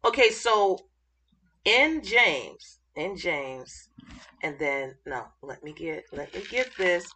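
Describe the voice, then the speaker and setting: A woman giving an informal Bible teaching, excited and halting as she searches for verses mid-thought. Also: on the low side, noisy background.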